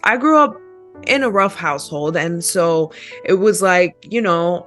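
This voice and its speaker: A woman's voice: on the low side, a bit bright. A young woman, a podcast guest, reflectively telling her life story in casual chat.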